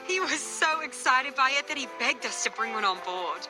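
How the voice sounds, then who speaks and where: A woman's voice: high-pitched, animated, normal speed, over music. A woman with an Australian accent voicing a polite, admiring mother on a cruise in a game. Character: polite, warm female mother, passenger.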